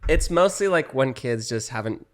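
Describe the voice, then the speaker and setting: A man's voice: mid-range voice, moderate pace. Chatty young man, swearing casually. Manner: animated, swears freely, acts out quoted friends. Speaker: podcast guest, social media creator. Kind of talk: casual chat.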